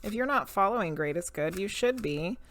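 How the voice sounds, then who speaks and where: A woman's voice: medium pitch, lively intonation, fairly quick, fairly bright tone. A woman streaming live as a medium and tarot reader, chatting casually with viewers, laughing often and greeting them by name. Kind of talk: casual live-stream chat and card reading.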